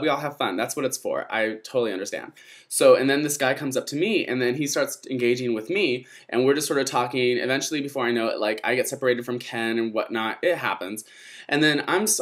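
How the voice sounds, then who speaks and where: A man's voice: medium pitch, a bit bright. A young man telling a dramatic night-out story to his vlog viewers, gossipy and swearing freely. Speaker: vlogger.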